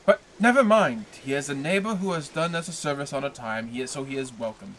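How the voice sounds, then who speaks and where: A man reading aloud, voicing an earnest, warm-hearted young sailor who speaks eagerly and emphatically. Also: medium pitch, brisk, a little hiss or hum, lightly acted.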